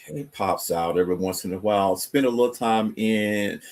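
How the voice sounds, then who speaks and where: A man's voice: on the low side, normal speed, darkish tone. A man from North Carolina, a guest guitarist with a North Carolina accent, answering interview questions in an easygoing, thoughtful way.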